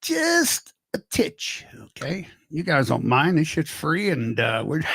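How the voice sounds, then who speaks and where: A man's voice: on the high side, wildly swooping pitch, slow, gravelly, fairly bright tone, dry recording. An older man hosting a casual livestream, rambling, joking and greeting viewers by name. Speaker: livestream host.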